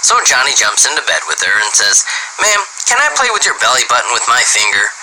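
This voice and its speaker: A man reading dirty jokes aloud as an animated storyteller who starts many lines with "well". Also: mid-range voice, fairly quick, noisy background.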